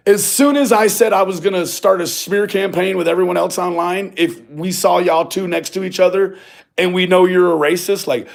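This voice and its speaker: A man's voice: high voice, vocal fry. A man telling a profane, mocking story in a casual rant, often acting out other people's lines. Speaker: video blogger.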